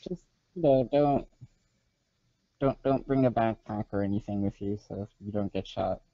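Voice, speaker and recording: A man's voice: on the low side, moderate pace, no room sound. A man co-hosting a casual podcast chat, dry and teasing in his remarks. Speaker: podcast co-host. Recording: dull lo-fi podcast mic.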